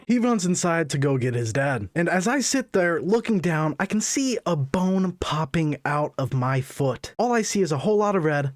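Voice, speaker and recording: A young man in his late teens or twenties, telling a jokey story for his vlog with sudden high squeaks of excitement. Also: moderate pace, hardly any pauses, no room sound, studio quality. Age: young adult. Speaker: vlogger.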